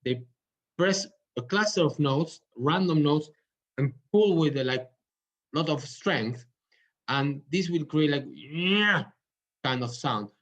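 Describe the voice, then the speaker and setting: A man teaching a tango music lesson. He pauses often to find his words and sings rhythm patterns out loud with syllables. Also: fairly high pitch, lively intonation. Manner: halting, searching for words. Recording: dull lo-fi sound.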